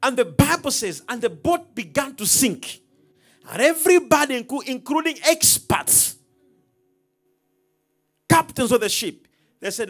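Lively high-voiced male preacher. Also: a little slow, long pauses, soft background music. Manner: emphatic, preacherly call-and-response, dramatic swings in loudness. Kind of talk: sermon.

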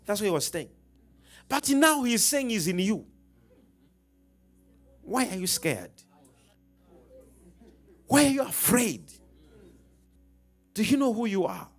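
Lively high-voiced male preacher. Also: takes it slowly, long pauses, husky, faint music behind. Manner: emphatic, preacherly call-and-response, dramatic swings in loudness. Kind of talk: sermon.

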